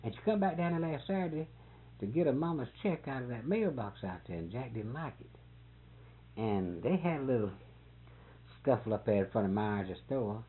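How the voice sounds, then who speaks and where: A man's voice: medium pitch, moderate pace. Folksy man spinning yarns. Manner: folksy, animated, chuckling retelling. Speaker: storyteller in conversation. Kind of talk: casual storytelling chat. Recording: tinny phone-like old recording.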